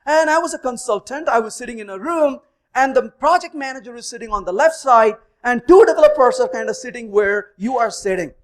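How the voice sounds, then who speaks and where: Animated storytelling man speaker. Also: very high-pitched, fairly quick. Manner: animated, acts out dialogue in stories. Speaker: conference speaker. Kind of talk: storytelling technical talk.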